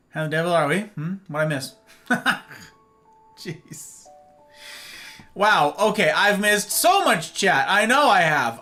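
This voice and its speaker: A man's voice: lively intonation, takes it slowly, pauses often, pushed and bright. A man streaming live and greeting his chat one by one, playful and theatrical, with faint music behind him. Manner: playful, theatrical, swings between high exclamations and low murmurs. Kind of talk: casual livestream chat greeting viewers.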